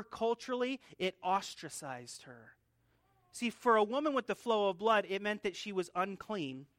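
A man's voice: high-pitched, fairly bright tone, no echo, studio quality. A male pastor preaching an expository sermon in an earnest teaching manner, often restarting and repeating words. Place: church.

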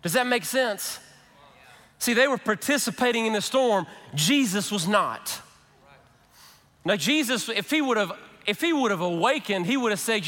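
A man preaching a sermon as pastor, conversational and animated, acting out quotes from the people in his story. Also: sits high, normal speed. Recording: reverberant hall.

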